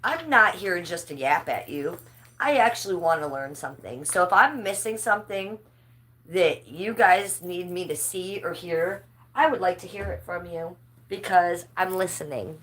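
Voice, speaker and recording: A woman's voice: fairly low pitch, expressive, moderate pace, a bit bright, slightly rough. A middle-aged woman hosting a casual livestream, chatting and gossiping with her viewers and laughing often. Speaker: livestream host.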